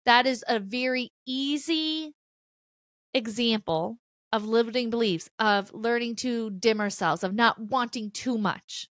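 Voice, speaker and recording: A woman's voice: on the high side, a little slow, a bit bright, no room sound, studio quality. A woman hosting a podcast and giving an earnest, emphatic motivational spiritual talk. She repeats key phrases and swears bluntly in a casual way. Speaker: podcast host.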